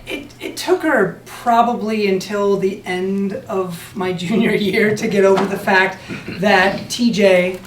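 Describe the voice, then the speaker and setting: A young man telling a true personal story on stage, animated and laughing, acting out the people in it. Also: high voice, a little hiss or hum. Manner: animated, laughing, acts out quotes. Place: stage at a community storytelling event. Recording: echoey hall, mic far off, faint ambience.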